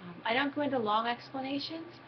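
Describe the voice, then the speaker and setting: A middle-aged woman speaks in an earnest, practical tone as she explains parenting tips to her viewers. Her voice sits at an ordinary pitch for a woman. The recording is dull and lo-fi, with a steady noise underneath. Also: moderate pace. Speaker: parenting advice host. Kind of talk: casual advice talk to camera.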